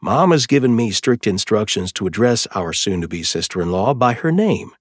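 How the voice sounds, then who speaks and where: A man's voice: big pitch swings, moderate pace, no room sound, studio quality. A man doing a sulky, raised-voice young guy. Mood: grumbling. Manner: sulky and sputtering, voice pushed higher. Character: young man, glum, defensive, wisecracking.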